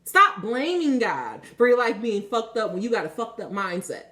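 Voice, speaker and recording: A woman's voice: fairly high pitch, very animated, moderate pace, bright, forceful tone. A woman giving a spiritual tarot reading, talking passionately and casually, swearing freely and preaching to her viewers. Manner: casual, conversational. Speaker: tarot reader.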